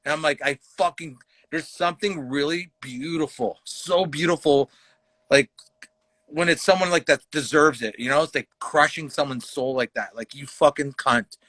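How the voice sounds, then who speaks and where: A man's voice: fairly high pitch, moderate pace, sharp tone, dry recording. A man from Canada, a comedian guest, telling a rambling, profane story in casual chat and acting out the quotes heatedly. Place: livestream talk show.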